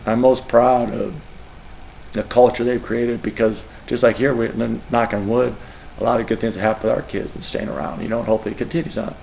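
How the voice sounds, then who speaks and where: A man's voice: mid-range voice, fairly even intonation, brisk, creaky, darkish tone, a little hiss or hum, poor audio. A middle-aged man, a college football coach, answering press questions in an emotional, rambling way. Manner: emotional, rambling, tearful at times.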